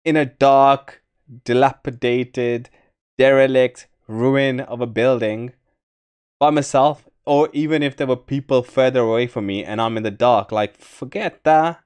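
A man's voice: mid-range voice, a little slow, clear, resonant tone. A man hosting a reaction video, exclaiming and rambling in casual commentary. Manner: excitable, rambling, exclaims often.

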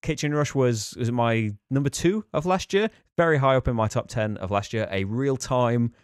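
A man's voice: mid-range voice, normal speed, smooth, dry recording, studio quality. A man hosting a board game channel, talking through a casual rambling preview with enthusiasm, fillers and small laughs.

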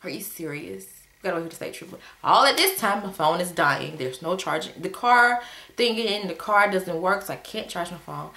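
A woman casually telling a story to her viewers in a vlog, retelling it with exasperated, animated energy. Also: moderate pace, vocal fry, reverberant. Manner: animated, exasperated retelling with sudden pitch jumps.

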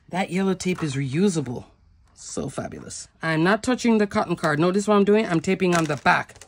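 A woman's voice: lowish voice, animated, brisk, slight background noise. A woman hosting a step-by-step card-making tutorial, chatty and talking through each step, laughing at herself now and then. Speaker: craft tutorial host. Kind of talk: step-by-step crafting demo.

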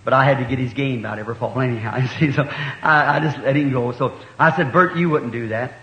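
A man's voice: mid-range voice, quick pace, a bit bright. Preacher man telling a story, echoey church, dull old recording. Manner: folksy storytelling sermon, acts out dialogue. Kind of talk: sermon. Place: church hall.

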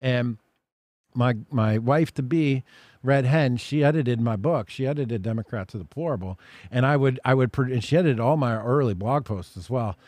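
A man's voice: medium pitch, moderate pace, a little mellow, dry recording. A man hosting an interview, talking at length in a reflective way. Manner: reflective, talks through ideas at length. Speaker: podcast host. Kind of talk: conversational interview.

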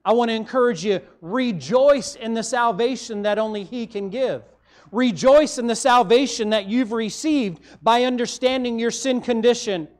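High-voiced Midwestern pastor preaching. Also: male voice. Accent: Midwestern American. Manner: emphatic preaching, rising for stress and dropping low at phrase ends. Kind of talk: sermon.

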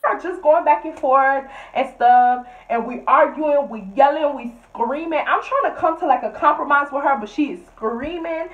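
A young woman, a college student, telling a storytime vlog in a blunt, animated and profane way. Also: high-pitched, moderate pace, few pauses, distant mic, muffled recording. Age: young adult.

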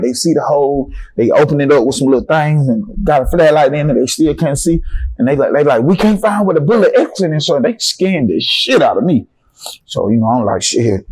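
A man's voice: mid-range voice, breathy edge. A young man from Atlanta with a Southern accent, a guest in a casual interview, telling his story with lots of swearing and acting out the other people's lines. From Atlanta, Georgia. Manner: animated, profane storytelling with acted-out dialogue.

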